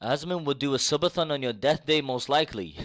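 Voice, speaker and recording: A young man live-streaming, ranting to his chat in casual talk, swearing freely and repeating himself, jumping between low mutters and loud outbursts. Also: expressive, fairly quick.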